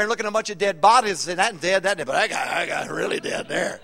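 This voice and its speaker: Racing along in a high-pitched voice with vocal fry, a middle-aged pastor gives a funny, animated sermon in a church auditorium. He draws the congregation in with call-and-response questions.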